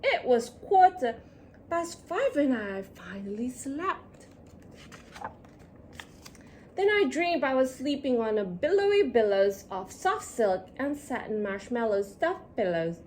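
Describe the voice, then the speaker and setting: A woman reading a rhyming children's storybook aloud in a sing-song, expressive way. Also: fairly high pitch, takes it slowly, a little hiss or hum. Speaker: storybook reader.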